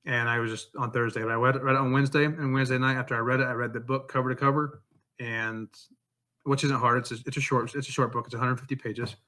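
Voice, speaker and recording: An earnest man tells his story in a relaxed interview. His voice is bright and forceful, sitting at an everyday pitch. He speaks heartfelt and sincere throughout. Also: fast talker. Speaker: author and songwriter guest.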